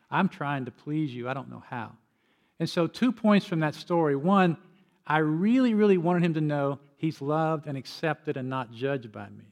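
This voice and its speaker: An older man preaching a sermon as pastor, telling personal stories in an earnest way with frequent restarts. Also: fairly high pitch.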